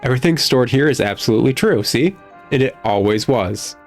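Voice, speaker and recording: A man's voice: medium pitch, animated, a little fast, soft background music, close to an everyday voice. A man voicing a prim woman librarian in a game who calls people dearie. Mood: insistent. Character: fussy middle-aged woman librarian, prim, secretive, easily rattled.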